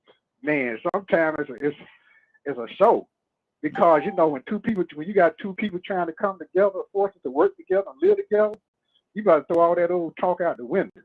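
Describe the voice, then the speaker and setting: A male guest talking in an animated, streetwise way over a phone line, often asking "you know what I mean". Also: sits high, a little fast, vocal fry. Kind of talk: casual radio talk.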